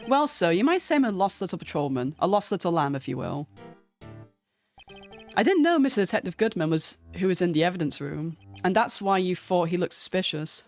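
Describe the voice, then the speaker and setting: A woman voicing a nervous, dramatic young male patrolman in a game read-through, with a high whiny voice that ends every line with sir. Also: big pitch swings, a little fast, faint music behind. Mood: jittery dramatic.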